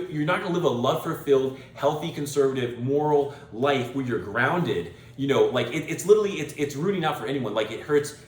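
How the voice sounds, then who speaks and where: Emphatic lecturing man in an echoey room. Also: on the high side. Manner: emphatic, lecturing, repeats phrases for stress. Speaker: podcast host. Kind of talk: opinionated monologue.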